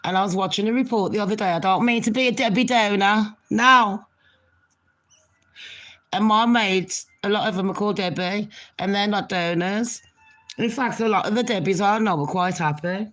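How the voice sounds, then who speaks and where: A woman's voice: medium pitch, fairly quick. A middle-aged woman, chatting casually to her viewers in a rambling, cheeky way while she has a cold and a cough. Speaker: vlogger. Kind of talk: casual rambling chat to camera.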